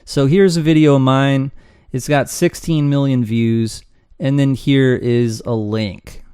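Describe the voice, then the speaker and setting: Man, business coach, rambling casual teaching, mid pitch, dry sound. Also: takes it slowly, clean tone, dry recording. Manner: rambling, animated, acts out students' voices. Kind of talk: casual screen-share teaching.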